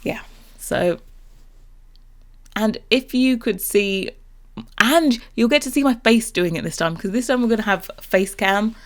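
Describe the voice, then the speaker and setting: A young woman chatting casually over a game build, bubbly and rambling as she gets excited about new content. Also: medium pitch, measured pace, long pauses. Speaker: Sims builder and YouTuber.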